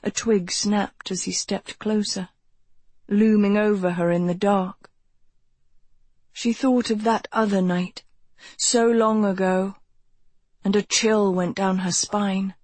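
A woman reads a novel aloud, slowly and evenly, with a husky edge to her voice. She sounds close and dry, as if in a small treated booth. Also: medium pitch, fairly even intonation, darkish tone, dry recording. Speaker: audiobook narrator. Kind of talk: scripted audiobook narration.

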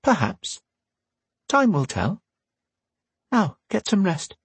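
Guy putting on a high wise old lady scholar, bossy and lofty, lively swoops, a bit husky. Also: takes it slowly, dry recording, exaggerated voice. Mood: dismissive. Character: wise older woman scholar, brisk and commanding.

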